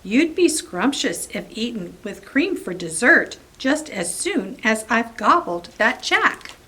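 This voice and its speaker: Grumbly hungry giant guy from a storybook, read out by a woman, bouncy sing-song rhymes, drawn-out slow lines. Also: a little high, sing-song, bright, forceful tone, slightly rough, heavily acted. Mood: grumbly, greedy. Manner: rhyming, playful storybook delivery. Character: grumpy hungry male giant, growly and greedy.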